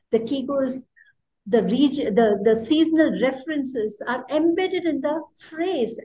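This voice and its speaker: A woman with an Indian accent teaches a workshop in a high, warm, mellow voice. She speaks expressively and with emphasis, stressing her points by repeating words. She sounds middle-aged. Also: poor audio. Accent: Indian English. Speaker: poet leading a workshop.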